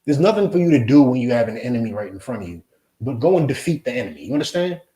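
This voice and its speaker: A man preaching a confrontational lesson to his group, blunt and forceful, again and again asking whether his listeners understand. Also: mid-range voice, big pitch swings, racing, roomy sound, poor audio. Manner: blunt, forceful, repetitive questioning. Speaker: Hebrew Israelite teacher.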